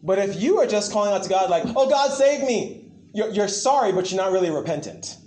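A man preaching a sermon in an animated way, acting out the quotes he tells and asking the crowd for replies. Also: high-pitched, quick pace. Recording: echoey room.

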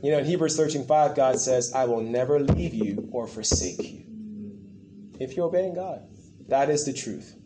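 A man preaching a sermon in an animated way, acting out the quotes he tells and asking the crowd for replies. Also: mid-range voice, normal speed, music in the background. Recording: echoey room.

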